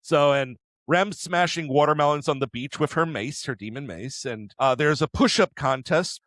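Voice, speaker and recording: A man co-hosting an anime podcast, retelling episodes in an animated way with quick character impressions and frequent laughs. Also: a little high, dry recording. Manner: laughs often. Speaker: podcast co-host. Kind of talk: casual anime discussion.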